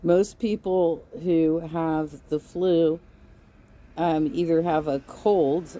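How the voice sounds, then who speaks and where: Woman doing reaction commentary, slow and sarcastic, dark mellow voice, scolds a lot. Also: low-pitched. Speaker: commentary host.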